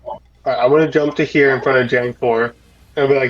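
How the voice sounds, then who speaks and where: A man's voice: mid-range voice, fairly even intonation, brisk, muffled recording. A man playing in a tabletop game, chatting casually and asking about the rules. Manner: asks rules questions, casual. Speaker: player.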